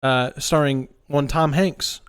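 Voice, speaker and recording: A man's voice: a little high, steady tone, takes it slowly, smooth. A man co-hosting a casual podcast, talking loosely and often repeating words as he restarts his sentences. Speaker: podcast co-host. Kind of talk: casual chat.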